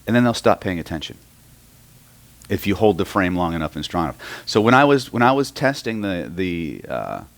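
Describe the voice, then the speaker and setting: A man's voice: low-pitched, big pitch swings, normal speed, vocal fry. A middle-aged man from Oklahoma teaching a live seminar on hypnosis, telling stories and often checking in with the audience. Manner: storytelling, keeps checking in with the room. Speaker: hypnosis and NLP trainer.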